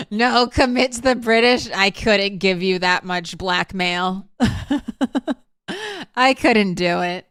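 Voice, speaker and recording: A woman's voice: medium pitch, slow, pauses often, fairly bright tone, clean tone, no echo, studio quality. A woman streamer in casual live-stream chat, talking straight to her viewers. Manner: chatty, talks straight to chat.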